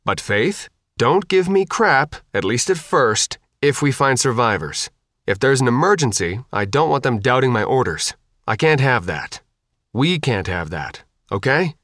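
A man's voice: medium pitch, big pitch swings, unhurried, a bit bright, no echo, clean studio sound. A man reading the part of a young woman boat captain, firm and commanding. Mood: bossy.

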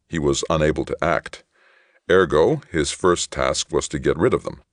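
Very deep-voiced male audiobook narrator. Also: dry recording, clean studio sound. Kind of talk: scripted narration of a science fiction novel.

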